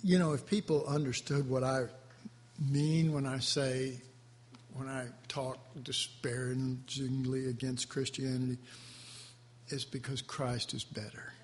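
A male preacher giving a sermon, slow and emotional, drawing out his words as he is moved to his core. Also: mid-range voice, flat delivery. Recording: reverberant hall, faint ambience.

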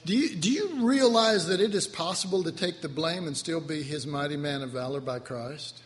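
A man's voice: a little high, normal speed. A man preaching a sermon, emphatic and repetitive, with laughing asides to his congregation. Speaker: pastor. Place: church sanctuary. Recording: long hall reverb, faint room noise.

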